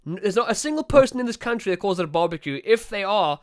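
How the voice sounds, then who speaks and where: Chatty South African man, crisp and dry. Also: high-pitched, very animated, no room sound. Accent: South African English. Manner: chatty, swears freely, laughs often, quick asides. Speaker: podcast host. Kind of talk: casual podcast chat.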